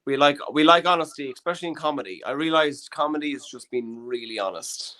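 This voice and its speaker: A man's voice: fairly high pitch, brisk, pushed and bright. A man hosting an online comedy show, chatting casually and joking at his own expense. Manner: joking, self-deprecating, rambling.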